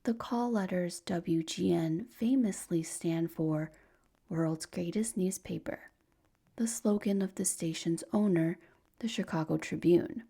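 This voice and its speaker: A woman tells a sleep story in whispered role-play, her breathy voice barely above air. She speaks very slowly with a gravelly edge, and her tone sits low, mellow and dark. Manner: slow soft whispered storytelling.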